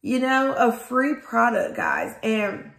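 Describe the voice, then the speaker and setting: A woman who runs a small business, from Louisiana, telling viewers a storytime in a casual, animated way and calling them guys and y'all. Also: on the high side, slow pace, vocal fry. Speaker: small business owner vlogger. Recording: echoey room.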